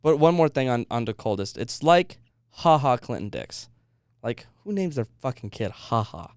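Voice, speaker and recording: A man's voice: mid-range voice, expressive, moderate pace, clean tone, no room sound, clean studio sound. A young man co-hosting a podcast, chatting casually in a blunt, skeptical way and swearing freely. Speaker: podcast co-host. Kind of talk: casual chat.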